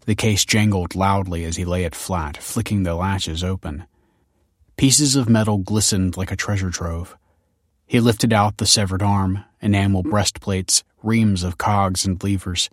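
Low-voiced male audiobook narrator. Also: fairly even intonation, a little slow, no echo, studio quality. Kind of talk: scripted narration.

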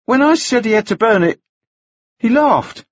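A man reading an audiobook, voicing an earnest young office boy in a high voice. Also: lively intonation, normal speed, no room sound, dull audio. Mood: eager. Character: eager young office boy, timid and hopeful.

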